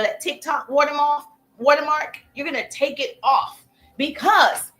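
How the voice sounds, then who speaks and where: A woman coaching viewers on a live stream, chatty and energetic, breaking off to thank viewers as she teaches. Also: sits high. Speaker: social media coach.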